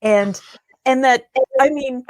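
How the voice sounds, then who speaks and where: A woman with a high voice speaks slowly in a dry, echo-free studio recording. As a guest digital marketing strategist, she gives conversational interview answers, explaining her methods enthusiastically and step by step.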